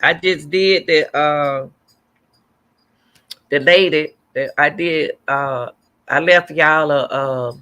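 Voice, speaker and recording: A woman's voice: low voice, takes it slowly, long pauses, a bit bright. A middle-aged woman hosting a livestream, chatting casually and rambling as she answers viewer comments aloud. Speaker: livestream host.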